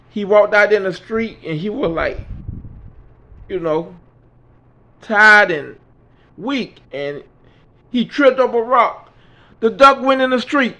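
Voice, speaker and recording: A man's voice: sits high, bright, forceful tone. A man telling a long comic joke, acting out every character's lines in turn. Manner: acts out each character in turn, Southern US vernacular. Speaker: joke teller. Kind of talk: storytelling a dirty joke. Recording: dull lo-fi sound.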